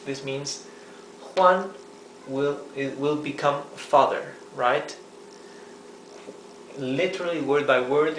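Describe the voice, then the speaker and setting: A man teaching a language lesson at a whiteboard, explaining patiently, checking in with "okay?" and "right?", and repeating words slowly. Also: medium pitch, vocal fry, fairly bright tone, reverberant, slight background noise, poor audio. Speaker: Spanish teacher.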